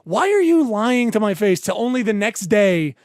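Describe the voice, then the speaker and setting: A man's voice: sits high, sing-song, normal speed, a little mellow, no room sound, clean studio sound. A man co-hosting a podcast from his bed at home, telling a story in heated, profane casual chat. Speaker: podcast co-host.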